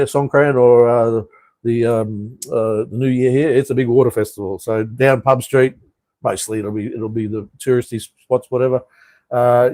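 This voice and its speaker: A man's voice: medium pitch, a little mellow, no room sound, rough recording. An Australian man hosting a casual live stream chat from a room above a street, rambling with frequent ums and uhs. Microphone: camera he turns toward the street.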